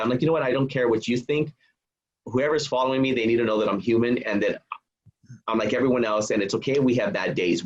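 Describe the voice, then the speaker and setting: A man telling personal stories as a guest on a podcast, animated, acting out what people said and laughing often. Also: medium pitch, breathy edge. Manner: animated storyteller, acts out quotes, laughs often. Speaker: guest speaker and author. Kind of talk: storytelling in a podcast interview. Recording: dull lo-fi podcast audio.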